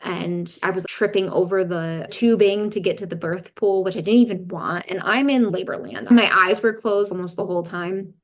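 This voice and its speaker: A woman's voice: medium pitch, fairly even intonation, moderate pace, few pauses. A woman, a doula, candidly telling a long personal story as a podcast guest and quoting what others said. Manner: candid, recounts events and quotes others. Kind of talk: casual storytelling.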